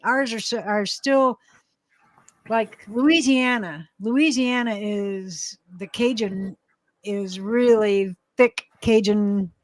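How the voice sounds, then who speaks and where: A woman's voice: medium pitch, slow, no echo. A woman from Alabama with an Alabama accent, chatting casually on a livestream, rambling, laughing often and swearing now and then. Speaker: livestream co-host. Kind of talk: casual chat.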